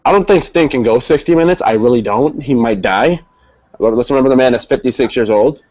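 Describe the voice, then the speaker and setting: A man's voice: mid-range voice, fairly quick, a little mellow, no echo, highs cut off. A man co-hosting a casual wrestling review, explaining and speculating about storylines. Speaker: co-host. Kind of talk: casual chat.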